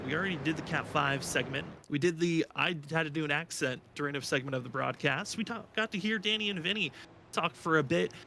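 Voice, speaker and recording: A man's voice: a little high, vocal fry, background noise. Upbeat man hosting a sim race stream. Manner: quick, upbeat, reads names off a list. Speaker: sim racing broadcast host. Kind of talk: live race commentary.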